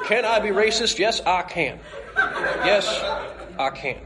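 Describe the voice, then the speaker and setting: A man's voice: high voice, expressive, a little slow, heavy background noise. A giggly man hosting a comic panel. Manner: giggly, self-deprecating, lots of filler. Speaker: panel host. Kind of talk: live comic panel banter.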